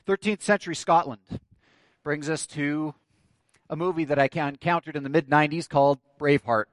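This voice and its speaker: A man's voice: fairly high pitch, a little fast, no room sound. A man preaching a sermon, telling a story and building to emphatic declarations. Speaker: pastor.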